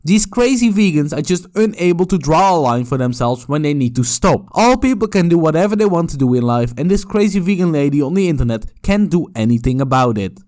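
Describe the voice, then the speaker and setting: A man gives mocking reaction commentary in a sarcastic, profane tone. His voice swings widely in pitch and sits a little high. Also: very animated, brisk, hardly any pauses, a little mellow.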